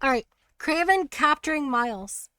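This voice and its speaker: A woman's voice: sits high, lively intonation, normal speed, pushed and bright, dry recording, clean studio sound. A woman hosting a stream, chatting casually about a video game and retelling scenes with many restarts. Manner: rambling, many restarts, laughs easily. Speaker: streamer host.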